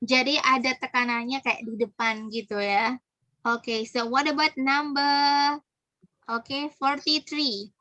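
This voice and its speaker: Bright-voiced Indonesian woman teaching English. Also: sits high, fairly even intonation, a little slow, no echo, highs cut off. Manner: switches between English and Indonesian, quizzing students. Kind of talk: pronunciation lesson.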